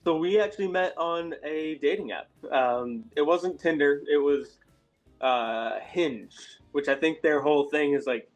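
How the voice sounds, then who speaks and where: An American man from Massachusetts, speaking American English, is a guest in a casual interview, friendly and rambling with plenty of fillers and laughter. His voice is on the high side and unhurried. The sound is lo-fi, with soft music in the background.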